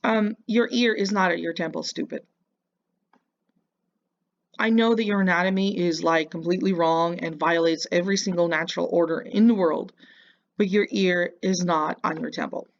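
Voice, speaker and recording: A woman's voice: fairly low pitch, steady tone, moderate pace, gravelly, muffled recording. A woman giving casual reaction commentary, mocking and lecturing the person in a clip.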